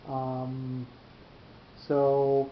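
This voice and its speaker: A man teaching a cantillation class, explaining slowly with long pauses. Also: medium pitch, monotone, slight background noise. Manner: patient, explanatory, drawn-out pauses. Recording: echoey room, muffled lo-fi sound.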